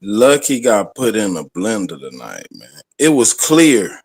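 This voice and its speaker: A low-voiced panelist whose pitch swings a lot, emphatic. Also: male voice, huge pitch swings, measured pace, a little mellow, husky. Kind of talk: casual stream chat.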